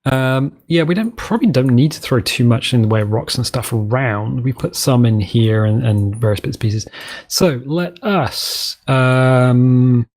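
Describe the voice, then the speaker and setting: Expressive and measured, this man's mid-range voice carries a darkish tone. He's doing casual let's-play commentary from a game's map editor, wandering off topic, teasing himself, and occasionally using silly voices.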